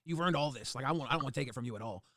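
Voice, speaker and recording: A man's voice: medium pitch, racing, fairly bright tone, no room sound, clean studio sound. A man co-hosting a livestream, consoling a guest in a casual, repetitive way.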